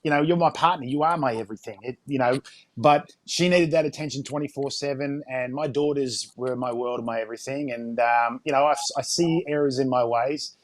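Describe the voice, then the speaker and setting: A man talking in a candid interview, earnest and emotional, halting with fillers as he opens up. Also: medium pitch, fairly even intonation, no echo. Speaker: life and fitness coach, guest.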